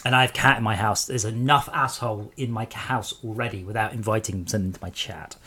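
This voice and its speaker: A man's voice: on the low side, fairly even intonation, brisk, pushed and bright, husky. A man streaming a game live and sarcastically scolding trolls in his chat.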